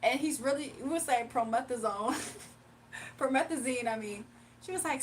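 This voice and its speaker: High-voiced young woman on a livestream. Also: normal speed, a little hiss or hum. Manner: laughs often, animated storytelling, talks to chat. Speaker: livestream host. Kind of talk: casual livestream chat, reading comments.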